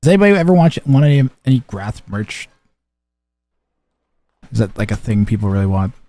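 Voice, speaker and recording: A man's voice: lowish voice, big pitch swings, brisk, warm tone, dry recording. A young man streaming a strategy game, chatting casually with viewers and commentating, rambling with lots of fillers and restarts.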